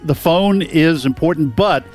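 A man's voice: a little high, measured pace, faint music behind. An older man with a Boston accent, co-hosting a radio show in casual chat and stumbling over his words. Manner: animated, stumbling. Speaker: radio co-host.

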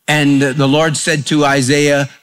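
A man delivering a radio sermon, his voice sitting a touch higher than most men's. He preaches plainly and conversationally, with everyday fillers and a folksy, storytelling warmth of phrasing. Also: level tone, slow, smooth. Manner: folksy storytelling with homespun humor. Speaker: pastor.

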